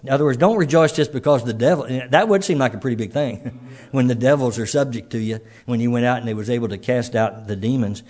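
A man preaching a sermon in a folksy, conversational way, stopping and restarting his sentences and dropping into soft asides. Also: mid-range voice, quick pace.

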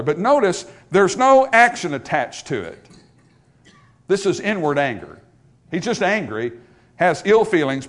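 A man preaching a sermon as a pastor at a church service, animated and full of joking asides. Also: fairly high pitch.

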